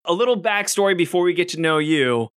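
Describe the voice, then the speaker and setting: A man's voice: high-pitched, quick pace, clear, resonant tone. Eager man hosting a podcast. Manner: eager, animated storytelling. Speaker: podcast host. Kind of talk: casual chat.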